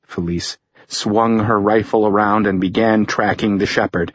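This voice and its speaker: A low, husky male voice reads an action story with slow, deliberate weight, each line measured and dramatic. The recording is dry and close, with a somewhat dull, lo-fi sound. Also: steady tone, no echo. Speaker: audiobook narrator. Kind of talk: scripted narration.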